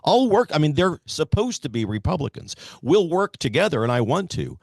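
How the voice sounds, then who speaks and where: A man's voice: on the high side, sing-song, moderate pace, vocal fry, a little mellow, no room sound, studio quality. An American man hosting an interview, making emphatic campaign-style declarations. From United States. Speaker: host and candidate for governor.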